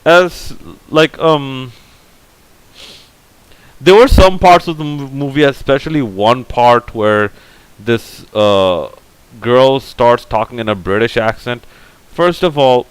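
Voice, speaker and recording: A man's voice: medium pitch, slow pace, smooth, no echo, rough recording. A man giving a casual, opinionated movie review, rambling and full of fillers. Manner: rambling, heavy on fillers like "like, you know"; blunt, opinionated. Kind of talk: casual film review monologue.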